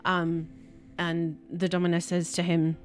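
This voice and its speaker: A woman's voice: on the low side, completely flat delivery, a little slow, soft background music. A woman narrating a tabletop game as game master, chatty and stopping often to correct herself.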